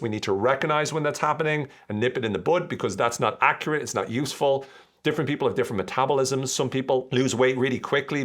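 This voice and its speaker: A man's voice: medium pitch, fairly bright tone. Chatty man hosting a podcast. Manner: chatty, jokey, acts out quoted voices. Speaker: podcast host. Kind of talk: casual explanatory monologue.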